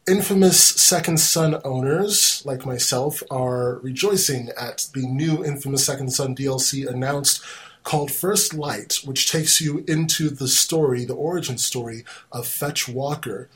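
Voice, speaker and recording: A man's voice: medium pitch, measured pace. Chatty man hosting a gaming podcast. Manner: chatty, leads the talk, reads news items. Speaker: podcast host. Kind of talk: casual gaming podcast chat.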